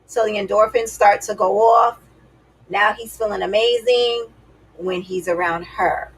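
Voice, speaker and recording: A woman gives dating advice straight to her viewers in a sassy, emphatic, chatty way. Her voice has a gravelly fry and a husky edge. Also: medium pitch, fairly even intonation, a little slow, rough recording. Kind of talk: casual advice talk to camera.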